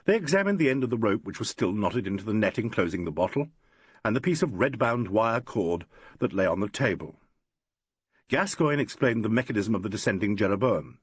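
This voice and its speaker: A male narrator reads a classic mystery with a lively, swinging delivery. His voice is husky and slightly breathy, heard close and dry with no room sound. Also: on the low side, brisk, no room sound. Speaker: audiobook narrator. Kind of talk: scripted audiobook narration.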